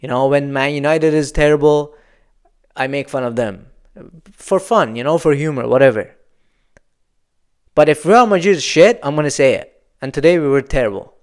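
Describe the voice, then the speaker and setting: A man's voice: fairly high pitch, normal speed, pauses often, smooth. A young man hosting a football channel, venting his frustration in a solo post-match reaction with emphatic, repetitive phrasing.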